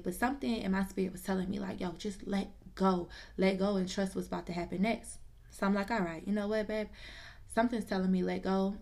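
Woman with vocal fry telling a story. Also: medium pitch. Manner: lively, slangy, confiding, addresses the listener directly. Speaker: storyteller recounting her own experience. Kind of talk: casual personal storytelling.

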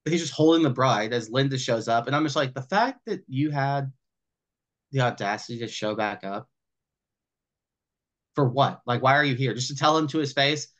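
Animated man hosting a film podcast. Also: mid-range voice. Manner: animated, swears, acts out characters' lines in quick voices. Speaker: podcast co-host. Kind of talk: casual film discussion.

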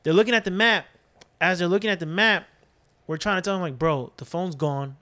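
A man casually telling a long story on a podcast, animated, swearing freely and acting out his friends' voices. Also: high-pitched, fast talker. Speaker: podcast co-host.

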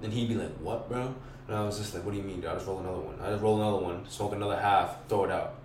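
A young man with a lowish voice tells a rambling, profane story in thick slang, voicing what he and others said. He sits some way from the mic in an echoey room, with a faint hiss underneath. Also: fairly even intonation, very fast. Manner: slangy, profane, acts out his own quotes. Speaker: podcast guest. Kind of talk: casual storytelling. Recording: roomy, distant mic, faint noise.

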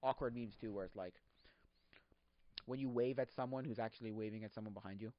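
A man hosting a podcast, chatting casually in a rambling, excitable way, laughing often and acting out quotes. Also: fairly low pitch, fast, no echo. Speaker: podcast host. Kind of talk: casual solo chat. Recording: dull lo-fi sound.

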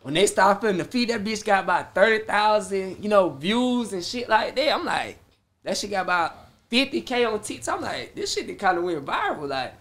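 A young performing artist, whose voice sits high and moves at normal speed, swaps stories in a relaxed interview. He is lively and swears freely, playing out his own reactions as he goes.

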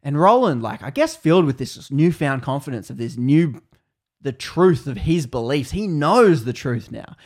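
A man telling a story casually, animated and full of fillers, acting out the quotes. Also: mid-range voice, normal speed.

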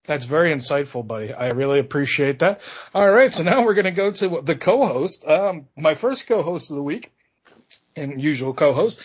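Profane joking podcast host, husky voice. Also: male voice, on the high side, animated, normal speed, dull audio. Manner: profane, teasing, rambling. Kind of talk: crude casual chat.

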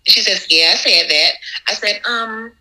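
A woman from Georgia, a bakery owner as podcast guest, telling a story and acting out the dialogue with big jumps in pitch. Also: measured pace, bright, forceful tone, rough recording. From Augusta, Georgia. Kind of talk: animated storytelling.

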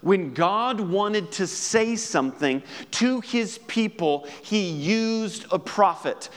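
A man with a high voice preaches in an easygoing, conversational way. He acts out little exchanges as he goes. His voice rings out with a long reverb, as in a big church hall. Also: lively intonation, takes it slowly. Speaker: pastor. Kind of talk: sermon.

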